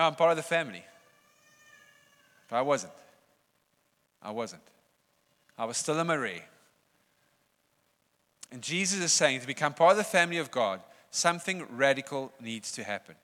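A man preaching a sermon in a conversational, animated way, often laughing. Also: a little high. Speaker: pastor. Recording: long reverb of a church hall.

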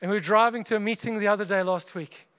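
A man's voice: sits high, steady tone, quick pace, fairly bright tone, clean tone. A man and father preaching a sermon to a congregation, chatty and humorous, often acting out little dialogues as he goes. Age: adult parent of young children.

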